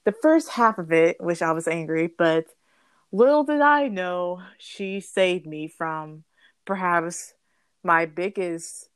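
Young woman, low-pitched, bubbly, rambling, dry close sound. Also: slow, clean tone, no echo. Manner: bubbly, rambling, self-correcting, giggly. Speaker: guest storyteller. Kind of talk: casual storytelling.

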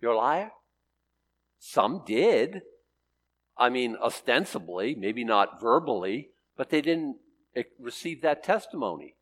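An older man preaching a sermon, swinging between loud emphatic lines and quiet asides. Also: medium pitch, big pitch swings, measured pace.

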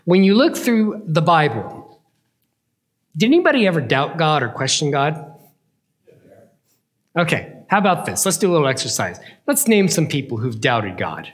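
A man telling a playful story as a children's Bible lesson, with a lively, chuckling delivery. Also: fairly high pitch, moderate pace, long pauses, breathy edge.

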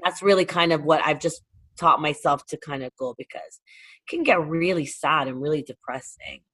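A woman from Toronto who runs a charity, talking casually in an interview, animated and full of fillers. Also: sits low, normal speed, breathy edge. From Toronto, Canada. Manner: animated, fillers of "like", acts out quotes. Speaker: charity founder.

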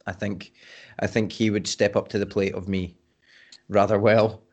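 A man, co-hosting a podcast, joking and telling animated anecdotes. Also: fairly low pitch, moderate pace. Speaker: podcast co-host. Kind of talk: casual chat, storytelling.

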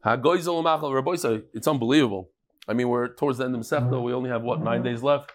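A man teaching a daily Talmud class, lively and joking, telling stories and mixing Hebrew and Yiddish terms into English. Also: medium pitch, quick pace, slight background noise.

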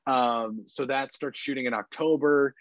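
Relaxed man chatting over a dull, dry line. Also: mid-range voice, measured pace, dry recording. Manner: relaxed, rambling, many fillers. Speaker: podcast guest. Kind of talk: casual chat.

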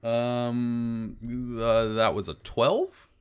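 A man's voice: mid-range voice, fairly even intonation, very slow, a little hiss or hum. A man playing a character in a tabletop game, hesitant and full of fillers. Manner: hesitant, many fillers, laughs. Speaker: player.

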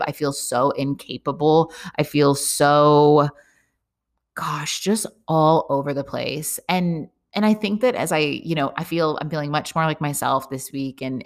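A young woman hosting a podcast, talking candidly in a casual, rambling way, full of fillers and swearing. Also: low-pitched. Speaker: podcast host. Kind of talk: casual personal monologue. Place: lives abroad, talking to listeners.

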